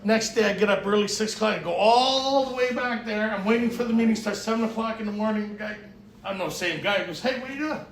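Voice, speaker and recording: A man's voice: high-pitched, fast, vocal fry, slight background noise. A man speaking at a recovery retreat, telling a personal testimony and acting out the dialogue, often laughing. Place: retreat meeting room. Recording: echoey room, mic far off.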